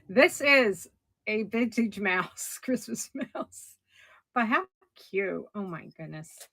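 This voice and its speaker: A middle-aged woman running a casual live auction, chatty and somewhat hoarse as she loses her voice. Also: mid-range voice, a little slow, dry recording. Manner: chatty, describes items warmly with soft laughs. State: losing her voice. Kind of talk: casual live-stream selling.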